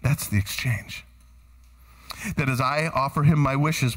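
A man preaching a sermon as pastor, quizzing the congregation with lively shouts and then dropping to hushed, earnest tones. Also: medium pitch, moderate pace, long reverb tail. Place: church sanctuary.

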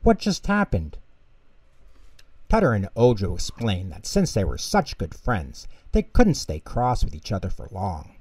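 A man reading a children's bedtime story aloud as storyteller, calm and lilting. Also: fairly low pitch, normal speed, few pauses, husky, no echo.

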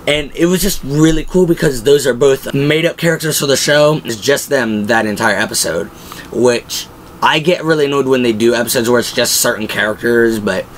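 A young man in the middle of his pitch range gushes about a show in relaxed, unscripted chat. He wanders through his points with plenty of filler words, and a faint hiss sits under the recording. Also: rough recording. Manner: rambling, filler-heavy and enthusiastic. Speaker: pop-culture show host. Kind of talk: casual fan commentary.

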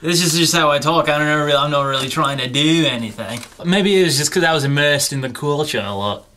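A man's voice: on the high side, expressive, normal speed, a bit bright, slight background noise. A man faking a smug put-on Australian accent. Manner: bluffing, playfully defensive. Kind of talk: comedy sketch acting.

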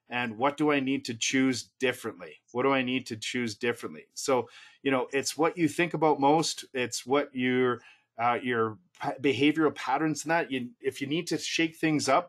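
A man's voice: medium pitch, a bit bright. Middle-aged man coaching with punchy questions. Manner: repetitive, punchy rhetorical questions. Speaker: real estate coach. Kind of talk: motivational webinar talk.

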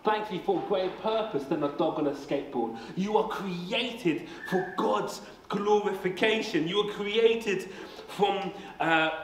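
A man in his late twenties preaching a family service sermon in a church hall, energetic and jokey, often repeating words as he starts a sentence. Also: high-pitched, slight background noise. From England. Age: 20s. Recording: echoey hall, faint ambience.

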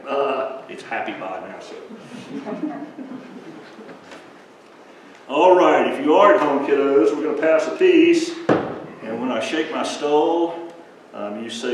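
Male pastor, children's message, chuckling, halting with fillers, very echoey church, distant mic. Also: mid-range voice, expressive, a little hiss or hum. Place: church sanctuary.

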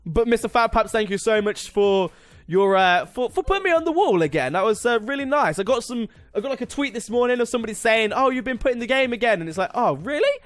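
An excitable young man chatters through a game, his high voice leaping up and down. He jokes, talks back to the game and praises its maker. The sound is close and dry. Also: fast talker, no echo. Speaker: gaming YouTuber. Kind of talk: casual gameplay commentary.

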